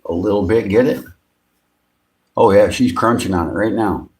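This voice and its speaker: A man hosting a casual livestream from his home beside a fish tank. He chuckles often and coos at his pet fish in sudden high bursts. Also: normal speed, darkish tone. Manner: chuckles often between remarks. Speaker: fishing channel host.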